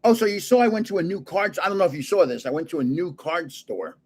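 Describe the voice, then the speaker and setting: An older man runs a casual livestream, chuckling and chatting as he opens trading cards, shows them off, and greets his viewers. His voice is high, expressive and a bit breathy, and he talks fast.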